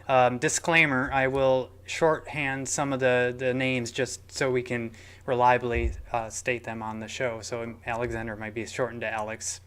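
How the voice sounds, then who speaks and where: Excitable stream host reading viewer tips. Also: mid-range voice, clear, resonant tone. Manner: upbeat, excitable, quick bursts. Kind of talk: livestream hosting, reading tips and questions.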